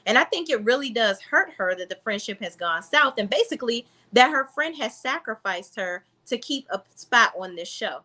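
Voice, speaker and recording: Woman, reality show recap, blunt and sassy, bright forceful voice, chatty. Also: fairly high pitch, expressive, normal speed, few pauses. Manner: blunt, sassy, talks straight to viewers. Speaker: reality TV reviewer. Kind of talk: casual recap commentary.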